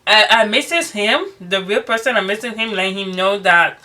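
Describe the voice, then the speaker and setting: Young woman vlogger, bright tense voice, animated storytime rant w/ lots of cussing. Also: mid-range voice, normal speed. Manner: animated, swearing, retelling with quoted dialogue. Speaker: beauty vlogger. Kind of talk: casual storytime chat.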